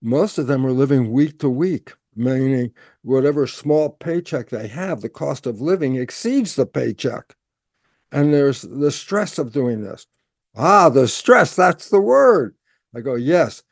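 A man's voice: mid-range voice, warm tone, no echo, clean studio sound. A man giving an explanatory talk, lecturing conversationally, asking and answering his own questions and playing out both sides of a dialogue. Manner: repeats words and restarts, asks and answers his own questions. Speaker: speaker explaining stress biology.

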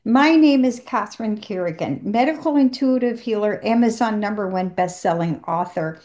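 A woman hosting a health radio show, giving a brisk, upbeat introduction and then interviewing a guest. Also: mid-range voice, lively intonation, darkish tone.

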